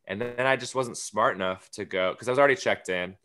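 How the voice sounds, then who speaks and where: A man with a low, bright, forceful voice spins a comic anecdote on a podcast. He talks casually and slips into quick impressions of the people he met along the way. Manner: storytelling, acts out quoted lines. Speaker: guest comedian.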